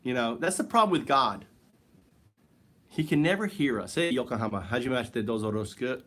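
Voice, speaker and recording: A man's voice: mid-range voice, sing-song, moderate pace, pushed and bright. A man talking alone on a home livestream, loose and rambling. His delivery is wry and joking, and he keeps addressing a listener who never answers. The talk is casual and meandering. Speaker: livestream host. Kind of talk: rambling solo livestream chat.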